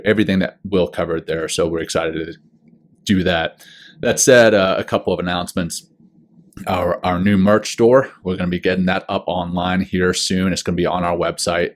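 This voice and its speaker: A man co-hosting a podcast, upbeat and chatty as he runs through the show's announcements. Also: low-pitched. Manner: upbeat, plugs the show's channels. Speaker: podcast co-host. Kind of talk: casual podcast chat with show announcements.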